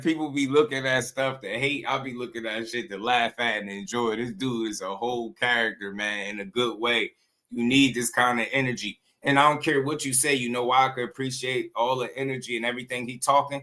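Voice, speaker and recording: A man's voice: mid-range voice, fairly even intonation, fairly quick, bright, forceful tone. A man hosting a boxing channel, talking in loose, slangy commentary and often breaking into laughter.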